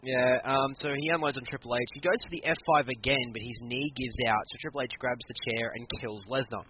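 A man co-hosting a casual podcast, recapping a wrestling match in an animated way and acting out what people said. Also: medium pitch, a little fast. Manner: animated, laughing, acts out quotes. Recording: muffled lo-fi recording with clear background noise.

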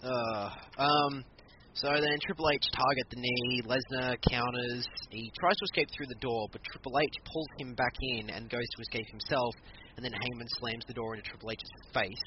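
A man co-hosting a casual podcast, recapping a wrestling match in an animated way and acting out what people said. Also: mid-range voice, moderate pace. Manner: animated, laughing, acts out quotes. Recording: muffled lo-fi recording with clear background noise.

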